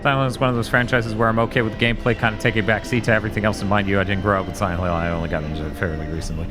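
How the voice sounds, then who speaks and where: A man's voice: fairly low pitch, fairly even intonation, racing, music in the background. A man co-hosting a live game stream, chatting casually in a rambling way and swearing now and then. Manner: rambling, swearing, loose storytelling. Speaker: streamer co-host.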